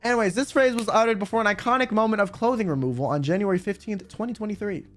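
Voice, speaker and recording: A man's voice: sits high, fast, faint music behind. A young man streamer giving casual, joking commentary with lots of swearing. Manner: animated, profane, joking.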